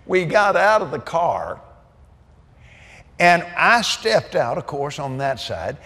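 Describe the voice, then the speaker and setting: An older man preaches a sermon, telling a story with laughter and folksy asides. His voice is high-leaning, very animated, pushed, and bright, and he speaks slowly. The recording carries echoey hall reverb.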